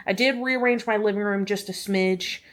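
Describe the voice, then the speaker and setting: A woman's voice: mid-range voice, moderate pace. A young woman vlogging at home on a clip-on mic, rambling and joking at her own expense. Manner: rambling, self-deprecating, joking. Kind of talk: casual chatty workout vlog. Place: living room at home.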